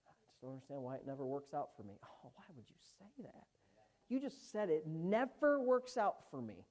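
A woman preaching a sermon, emphatic, swinging from hushed asides to loud, fervent exclamations. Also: mid-range voice.

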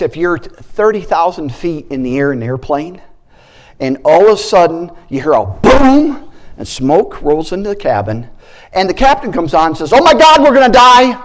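Male preacher, lively swooping voice, slightly high, shouts praises, acts out stories. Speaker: guest preacher. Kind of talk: sermon.

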